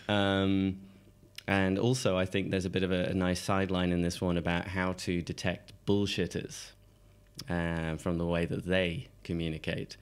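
A man co-hosting a podcast in casual chat, croaky and hoarse from a cold, joking and laughing between rambling asides. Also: sits low, monotone, normal speed. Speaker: podcast co-host.

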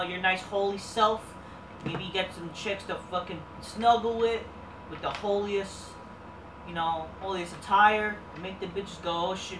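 A woman hosting a wrestling review show, ranting casually with lots of swearing and rambling fillers. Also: mid-range voice. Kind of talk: casual profane rant. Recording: roomy, distant mic, faint background noise.

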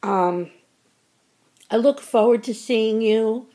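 A woman's voice: on the high side, slow pace, dark tone. A middle-aged woman chatting casually to her viewers as she opens fan mail, effusive and grateful and easily choked up. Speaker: vlogger opening fan mail. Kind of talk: casual chat to camera.

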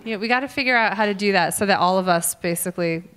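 An American woman working the crowd at a small live venue. She talks quickly and jokes at her own expense. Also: medium pitch, fairly bright tone. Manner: quick, joking, self-mocking. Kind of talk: live stand-up crowd work.

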